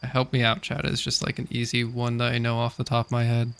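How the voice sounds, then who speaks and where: A man's voice: mid-range voice, monotone, a little fast, creaky, fairly bright tone, clean tone. Laid-back man streaming a game. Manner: chatty, laughs often, talks to chat. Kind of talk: casual live-stream chat while gaming.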